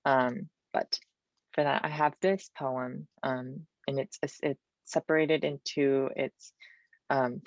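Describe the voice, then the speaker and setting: A woman with a raspy, gravelly voice speaks in a thoughtful, searching way, often pausing on "um" and restarting her phrases as she talks about her poetry and reads it aloud. The sound is a dull, dry video-call recording with no room around it. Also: low-pitched, dry recording. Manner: thoughtful, searching for words, many ums and restarts. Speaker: poet and activist guest. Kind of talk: interview answers and poetry reading.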